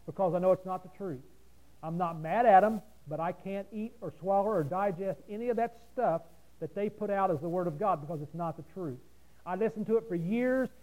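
High-voiced preacher, loud then hushed. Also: male voice, poor audio. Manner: folksy, rhetorical, swings from loud emphasis to quiet asides. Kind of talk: sermon.

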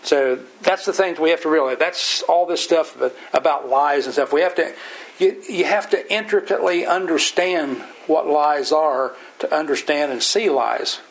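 A man's voice: fairly high pitch, normal speed, low-quality recording. A man leading an informal Bible study, telling folksy, plain-spoken stories and explaining scripture verse by verse.

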